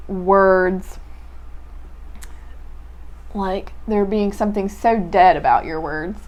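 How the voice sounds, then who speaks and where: A young woman reading a poem aloud and musing over its lines in a casual, reflective way. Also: lowish voice. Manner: reflective, musing, many "like" and "um" fillers. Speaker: poetry podcast host. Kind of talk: casual poetry reading and commentary.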